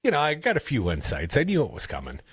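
A man with a Wisconsin accent hosting a radio show, telling rambling stories in a casual, animated way. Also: mid-range voice, quick pace, husky, dry recording. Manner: chatty, rambling storyteller, animated. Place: radio studio. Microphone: studio broadcast mic.

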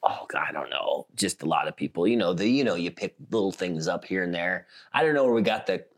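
A young man from South Dakota with a fairly low voice, co-hosting a comedy podcast. He rambles loosely, trails off mid-thought and breaks into laughter often. Casual chat between friends. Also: lively intonation, quick pace.

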